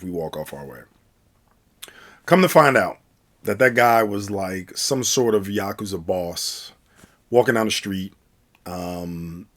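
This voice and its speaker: A man telling a casual personal story, rambling with many fillers and restarts. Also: lowish voice. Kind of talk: casual spoken anecdote.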